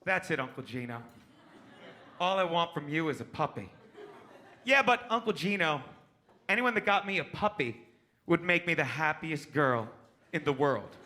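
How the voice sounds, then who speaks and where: A man's voice: on the high side, sharp tone, pitched below the performer's own voice. A man voicing a sly little girl who pleads and guilt-trips for a puppy during a stand-up set in a comedy club. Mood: pleading. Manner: pleading, guilt-tripping, drawn-out.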